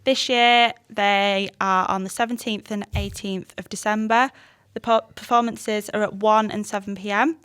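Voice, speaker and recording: A woman's voice: medium pitch, fairly even intonation, moderate pace, fairly bright tone, clear, resonant tone, no echo. An English woman guest on a podcast, upbeat and chatty, promoting a college show and laughing easily. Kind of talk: casual chat.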